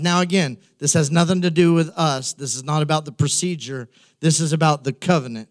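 Pastor guy preaching, high voice, chatty, repeats himself for punch. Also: brisk. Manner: conversational preaching with emphatic repetition. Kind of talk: sermon.

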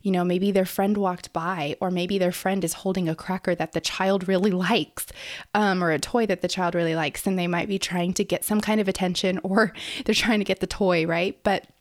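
A woman's voice: on the low side, steady tone, moderate pace, no room sound, clean studio sound. A young woman hosting a casual educational podcast as a speech therapist, explaining in her early-morning voice with many fillers and restarts.

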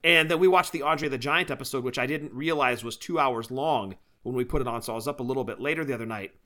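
Speaking fast in a mid-range voice with a sharp edge, this man co-hosts a podcast. He chats eagerly about wrestling shows and collectibles, laughing a lot along the way.

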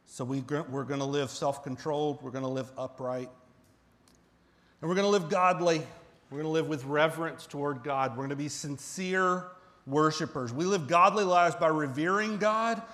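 A pastor preaches a conversational sermon, putting direct questions to the congregation and building to emphatic peaks where he nearly shouts. His voice is fairly high-pitched, at a moderate pace.

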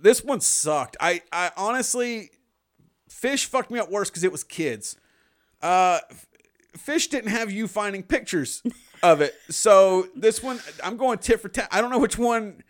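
A man's voice: sits high, expressive, measured pace. Profane man rambling on a podcast. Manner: profane, rambling, frequent restarts. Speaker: podcast co-host. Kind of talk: casual chat.

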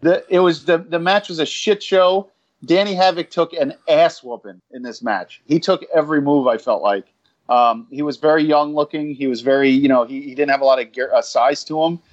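A man co-hosting a podcast in loose, casual chat. His voice sits a little high, and he rambles with plenty of swearing and self-mocking asides. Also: moderate pace, dull audio. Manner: rambling, profane, self-deprecating. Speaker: podcast co-host.

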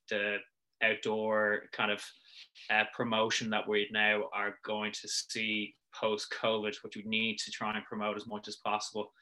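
Bright-voiced Irish man telling stories. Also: fairly low pitch. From Ireland. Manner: rambling, many fillers and restarts. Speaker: business founder, guest. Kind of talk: casual chat, storytelling.

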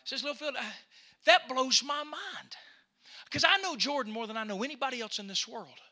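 A pastor preaching with fervor, his voice climbing to shouts and his words repeating as he builds. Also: very high-pitched, a little fast. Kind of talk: impassioned preaching.

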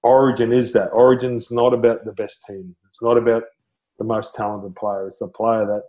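With a fairly low voice and moderate pace, this middle-aged Australian guest spins animated stories in an interview, speeding up and rising as they build. Laughter keeps breaking through, he calls people "mate," and the slightly muffled sound suggests a basic podcast rig.

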